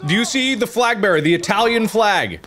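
A man's voice: high-pitched, animated, fairly quick, a bit bright. A man co-hosting a gaming podcast, chatting casually during play and crying out in frantic, panicky bursts. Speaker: gaming co-host. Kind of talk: casual gameplay chat.

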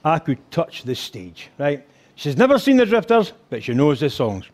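Older Scottish man, live stand-up, lively crude storyteller, pitched a bit high. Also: moderate pace, breathy edge. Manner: animated storytelling, crude, mimics voices and sings band intros. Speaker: stand-up comedian. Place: rugby club function hall.

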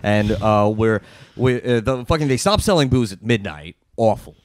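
Male co-host, mid voice, dry close mic, halting profane griper. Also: on the low side, lively intonation, dry recording. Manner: halting, profane, drawn-out complaints. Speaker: podcast co-host. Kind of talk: casual podcast chat.

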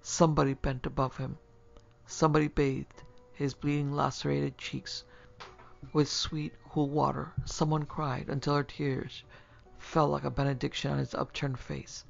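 Brief: man narrating horror, gravelly, measured, lo-fi. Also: a little high, flat delivery, soft background music. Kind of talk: scripted horror audiobook narration. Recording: dull lo-fi recording.

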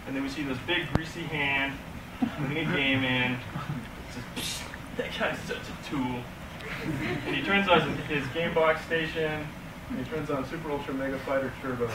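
A young man, an animation student, enthusiastically pitching a film story to a class and acting out its scenes, recorded from far off in an echoey, noisy classroom. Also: fairly even intonation, brisk. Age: young adult. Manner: enthusiastic, laughing, acts out scenes.

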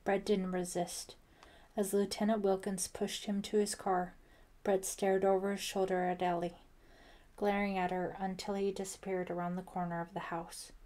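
A woman narrating a thriller audiobook in steady, scripted storytelling. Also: mid-range voice. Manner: slow, even storytelling.

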